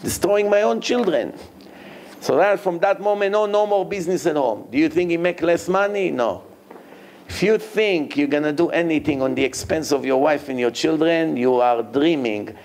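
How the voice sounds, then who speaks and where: Rabbi preaching in broken english, voice on the high side, jumps up loud when he acts out people. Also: normal speed, a little hiss or hum. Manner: animated, acts out quoted dialogue in a raised voice; non-native English with grammar slips. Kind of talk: Torah lecture.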